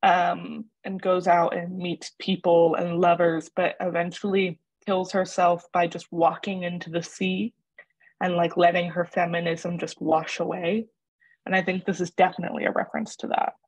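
A young woman student jumps in quickly and eagerly. Her voice is husky and a little low, and the sound is dry. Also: little pitch movement, no room sound, low-quality recording. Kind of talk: class discussion.

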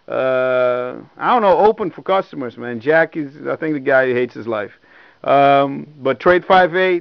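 A man's voice: a little high, clear, resonant tone, no echo. Young man, sneaker vlogger, hyped and swearing, repeats himself; lo-fi dry home audio. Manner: excited, profane, repeats himself. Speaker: sneaker reviewer. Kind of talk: casual unscripted vlog. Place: indoors at home.

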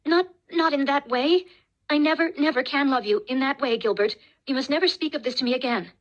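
A woman's voice: high-pitched, a little fast, muffled recording, pitched above the performer's own voice, natural voice. A woman narrating an audiobook voices a torn, miserable young woman refusing a proposal. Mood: distressed.

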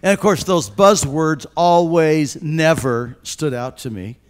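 A man's voice: a little high, takes it slowly, smooth. Emphatic older male pastor preaching. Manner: earnest, emphatic preaching that swings from hushed to loud; addresses listeners directly. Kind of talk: sermon.

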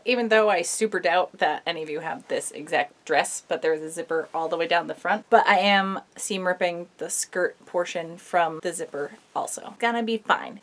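A woman's voice: on the low side, fairly bright tone. A young woman chatting casually through a sewing tutorial in a costume workshop, rambling and poking fun at herself. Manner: chatty, self-mocking, rambling asides. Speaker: sewing vlogger.

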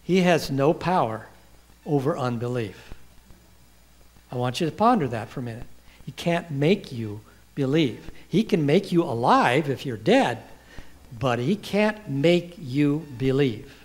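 A man's voice: medium pitch, animated. A man preaching a sermon, quoting scripture and asking the congregation questions. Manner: asks the congregation questions and pauses for replies; quotes scripture with rising emphasis.

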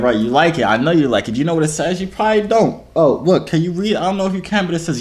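Hyped fast-talking young man, slangy. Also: mid-range voice. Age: 20s. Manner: hyped, joking, street slang. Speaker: video host. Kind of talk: casual vlog chat.

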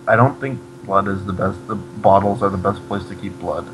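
A man giving a comedic reading of a fan fiction, deadpan, breaking off to mock the text. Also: deep voice, normal speed, noisy background.

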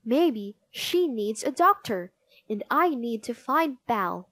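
A woman's voice: on the high side, very animated, slow, a bit bright, dry recording, studio quality, full character voice. A woman voicing a kind, worried young boy in a read-aloud storybook. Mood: earnest. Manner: earnest, anxious calling.

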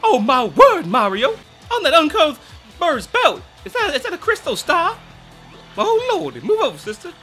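A man's voice: very high-pitched, huge pitch swings, normal speed, bright, forceful tone, soft background music, voice pushed up, full character voice. A man voicing a prim, theatrical female wind spirit who gushes in genteel old-fashioned exclamations while playing a video game. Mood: excited. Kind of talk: let's play character reading.

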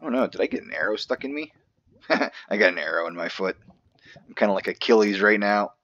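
Male let's-play host, lowish voice, chatty and self-joking, dull lo-fi desk mic sound. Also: fairly quick, a bit bright. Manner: chatty, joking asides to himself. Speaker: gaming channel host. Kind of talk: casual let's-play commentary.

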